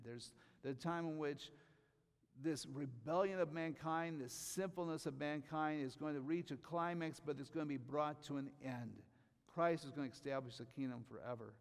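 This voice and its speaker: A man preaching a sermon, reading scripture slowly and rising to loud emphatic bursts on key phrases. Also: medium pitch, gravelly, in a large hall. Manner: reads scripture aloud slowly.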